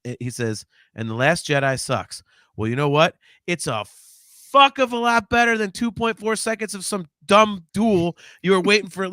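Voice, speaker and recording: Animated high-voiced ranting man. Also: no echo, studio quality. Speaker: podcast co-host. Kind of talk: casual chat.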